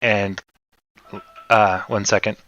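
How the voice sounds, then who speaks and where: A man from Canada chats slowly and loosely on a livestream, his voice sitting a little low. The sound is dull and lo-fi, close and dry with no room around it. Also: a little hiss or hum. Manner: relaxed rambling, reacts to chat. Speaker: livestream host. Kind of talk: casual livestream chat.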